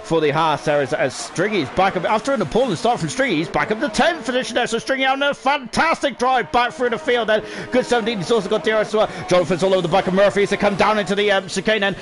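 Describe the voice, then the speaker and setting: A man commentating live on an online racing league, excitable and full of fillers and tag questions, breaking into shouts when cars crash. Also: high voice, fast, hardly any pauses. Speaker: esports race commentator.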